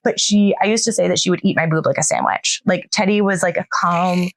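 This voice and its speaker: A woman in her thirties co-hosting a podcast, telling stories with animated energy and frequent laughs. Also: lowish voice, brisk, dry recording. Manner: animated storyteller, laughs often. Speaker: podcast co-host. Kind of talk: casual chat.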